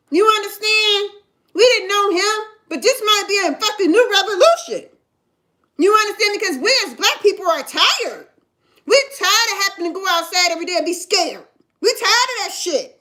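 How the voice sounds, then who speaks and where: High-voiced emphatic woman telling a story. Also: pushed and bright. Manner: emphatic, keeps asking "you understand?". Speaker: mother telling her story. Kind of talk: casual storytelling. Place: in Ohio.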